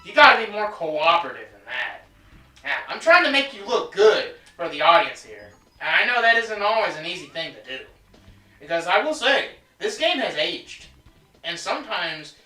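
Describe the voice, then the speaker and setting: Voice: medium pitch, sharp tone, reverberant, distant mic. A let's play host chatting casually over gameplay, joking and talking both to themself and to viewers. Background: game music.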